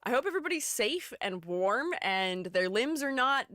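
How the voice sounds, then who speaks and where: Chatty woman streamer, lively pitch. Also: moderate pace, no room sound, clean studio sound. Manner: chatty, reads chat aloud, laughs often. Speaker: streamer and art educator. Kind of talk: casual live-stream chat.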